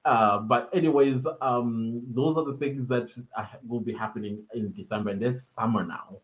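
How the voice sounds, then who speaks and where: A man's voice: mid-range voice, moderate pace, narrow, tinny audio. A man from South Africa with a South African accent, hosting a podcast live stream in a rambling, casual way, with many fillers and frequent chuckles.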